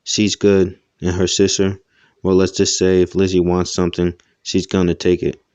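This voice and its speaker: A man with a very low, dark voice reads a first-person story aloud. His tone is smooth and flat, recorded close and dry. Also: normal speed, dry recording, lo-fi sound. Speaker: audiobook narrator.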